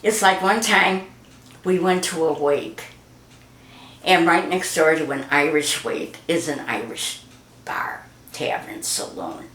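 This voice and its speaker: A slow, fairly bright voice that sits low belongs to an older woman recalling old memories in an interview. She's chatty and acts out the voices of the characters in her tales, with a roomy echo around her.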